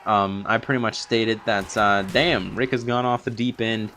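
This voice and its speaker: In a lowish, sharp voice with a steady tone and moderate pace, a young man rambles on recapping a TV episode without a script. Fillers and restarts pile up, he's a little out of breath from talking at length, and a slight hiss or hum sits underneath.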